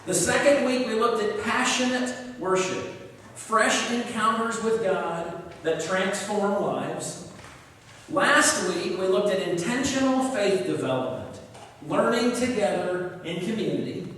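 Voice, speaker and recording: A man preaching a sermon as a pastor, telling stories in a lively way. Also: high-pitched, unhurried, a little hiss or hum. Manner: lively storyteller, acting out the dialogue. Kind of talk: sermon with a joke. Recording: echoey church hall from far off.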